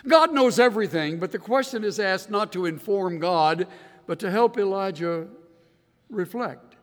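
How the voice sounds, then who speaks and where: A male pastor with a high voice preaches at a slow, deliberate pace, earnest and given to emphatic bursts. His sermon rolls through a church sanctuary with a long reverb. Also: expressive. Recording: reverberant hall.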